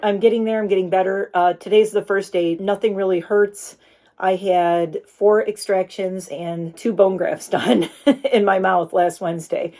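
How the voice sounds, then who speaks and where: A middle-aged woman chats casually to her phone camera while vlogging from the studio office in her home. Her voice is medium in pitch and warm, and she speaks earnestly, growing tender now and then.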